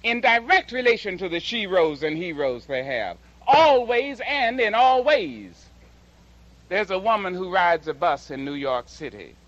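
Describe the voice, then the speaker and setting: A woman giving a slow, dramatic public speech and reciting poetry with emphatic delivery. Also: on the low side, sing-song, fairly bright tone, muffled recording. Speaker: public speaker and poet.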